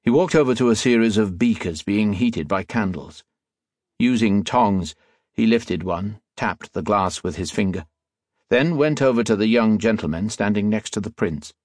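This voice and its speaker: A man narrating an audiobook in a steady, measured storytelling voice. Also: on the low side, dry recording, clean studio sound.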